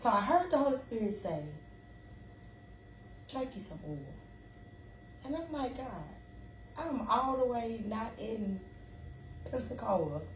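Animated woman telling a story. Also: on the high side, normal speed. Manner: animated storyteller, acts out dialogue with sudden loud laughs. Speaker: podcast co-host. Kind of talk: casual faith talk. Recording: echoey room, far from mic, faint noise.

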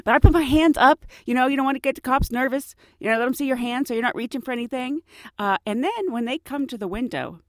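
A woman's voice: sits high, expressive, fast, dry recording, clean studio sound. A woman hosting her own show, telling a personal story in a chatty, self-mocking way and laughing often. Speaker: podcast host.

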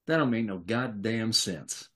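A man's voice: on the low side, animated, a little slow, pushed and bright. A man voicing a brash, foul-mouthed male criminal who talks bluntly and profanely. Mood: wary.

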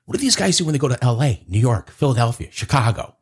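A man's voice: medium pitch, fast talker, breathy edge. A man, telling a story in casual chat as host and acting out quotes in a raised voice. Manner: animated, acts out quotes in a raised voice.

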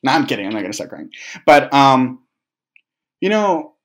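A young man telling a candid personal story to his viewers, halting and reflective, with many restarts, fillers and casual swearing. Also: medium pitch, big pitch swings, a bit bright. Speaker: vlogger.

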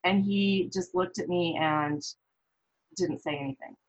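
On an interview show, a Midwestern mother or father figure, specifically a woman and parent, shares a story at a measured pace in a low voice, with dull audio. She's animated throughout, quoting other people in lively voices as she acts out the scene.

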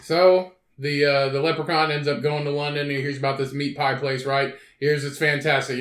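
Male podcast co-host, loose and profane storyteller with a somewhat high voice, recorded in a roomy space. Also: flat delivery, fast, hardly any pauses, fairly bright tone. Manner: profane, laughing, rambling storyteller. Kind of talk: casual storytelling chat.

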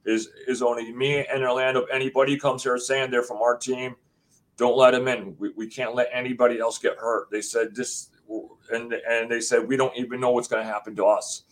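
A man from the USA, a guest on an interview show, telling his story in a rambling, animated way and acting out what people said. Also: medium pitch, brisk. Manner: rambling, acts out quotes, swears.

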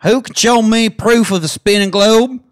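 A man voicing a loud, smug backwoods hick conspiracist in a put-on Deep South accent, proclaiming his claims like a preacher. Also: normal speed, natural voice. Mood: preachy. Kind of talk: comedic character voice on a podcast.

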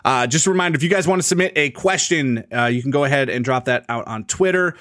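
Animated, joking male podcast host. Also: a little high, dry recording, clean studio sound. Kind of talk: casual chat.

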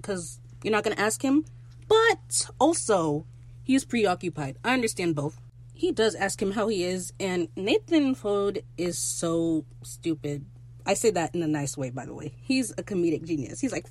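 A host recapping a TV episode in casual, excitable talk, with profanity and rambling asides. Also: medium pitch, moderate pace.

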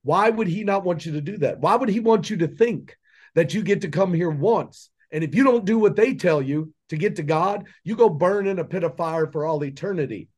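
This man speaks in a notably high register for a male voice. He delivers a fervent, preachy monologue as a podcast guest, piling up rhetorical questions to drive his point home. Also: a little fast, darkish tone, slightly rough. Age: adult with children. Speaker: podcast guest, entrepreneur and mentor. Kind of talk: impassioned conversational monologue.

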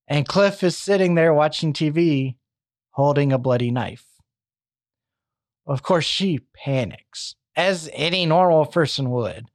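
A young man tells a true crime story in a conversational, wry way. His voice sits slightly high for a man. The recording is dry and close to the mic. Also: no echo. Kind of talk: casual true crime narration.

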